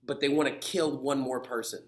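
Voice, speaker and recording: A male history teacher giving a lively lecture video, telling history as an animated story with put-on voices. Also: mid-range voice, fairly quick.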